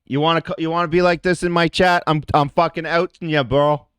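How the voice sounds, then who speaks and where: Talking directly to chat, a male streamer delivers a fiery, foul-mouthed rant. The voice is on the high side with fairly even intonation and a brisk pace, fairly bright and clean, recorded dry.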